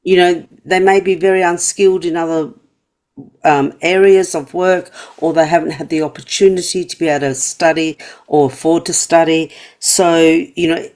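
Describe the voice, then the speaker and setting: A woman's voice: deep voice, steady tone, normal speed, darkish tone. A woman hosting a podcast interview, empathetic and affirming toward her guest. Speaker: podcast host.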